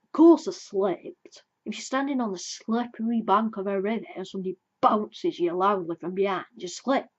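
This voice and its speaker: A woman's voice: mid-range voice, darkish tone, dull audio, lightly acted. Gloomy old donkey, as a woman puts him on. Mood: glum. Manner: dry, sarcastic, drawn-out complaining. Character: gloomy old male donkey, sulky and slow.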